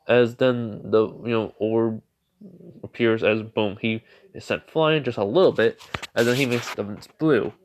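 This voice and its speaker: A man's voice: on the low side, a little slow, slight background noise. A man casually retelling a made-up fan story, rambling with lots of filler. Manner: rambling, heavy with fillers and restarts.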